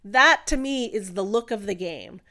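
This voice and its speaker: A woman's voice: mid-range voice, lively intonation, normal speed, pushed and bright. A woman co-hosting a podcast, chatting casually about a video game in a chatty, opinionated way with lots of fillers. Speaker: podcast co-host. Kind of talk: casual chat.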